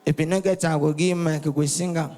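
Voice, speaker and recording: A man's voice: on the high side, fairly even intonation, quick pace, darkish tone, big-room sound. A Nigerian man doing a rowdy stand-up comedy set, teasing the crowd and calling for responses. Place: live comedy venue.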